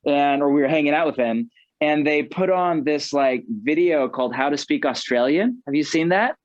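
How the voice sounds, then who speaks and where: A man's voice: on the high side, moderate pace, dry recording. Chatty American man, dry muffled sound. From United States. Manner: animated, chatty, many "like"s. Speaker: guest author. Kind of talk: casual interview chat.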